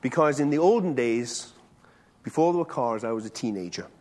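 A man's voice: mid-range voice, expressive, fairly quick, darkish tone, a little hiss or hum. A middle-aged man giving a sermon as pastor, speaking conversationally and putting questions straight to his listeners. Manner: conversational, questions the audience directly. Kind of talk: sermon to a congregation. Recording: long hall reverb.

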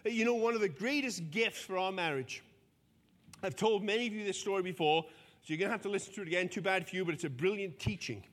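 A pastor in his fifties delivers a sermon in a fairly high, bright voice. He tells stories with self-deprecating humor. The sound rings with a long hall reverb. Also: fast talker.

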